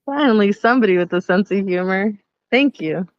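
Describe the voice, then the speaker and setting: A woman's voice: medium pitch, lively intonation, moderate pace, no echo. A woman co-hosting a live podcast, speaking frankly and casually about how she grew up and laughing easily. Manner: frank, talks about her own upbringing, laughs easily. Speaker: podcast co-host. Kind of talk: casual live-stream chat. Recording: dry, dull lo-fi sound.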